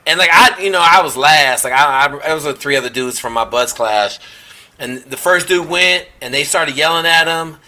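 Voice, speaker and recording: A man, a former SEAL on a panel, telling stories in casual chat and shouting out the quoted lines. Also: fairly high pitch, moderate pace.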